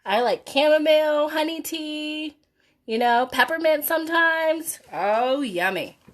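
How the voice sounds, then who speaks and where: A woman hosting a live children's story reading, with chatty, animated asides to her young viewers. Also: high-pitched, measured pace. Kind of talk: live read-aloud for children.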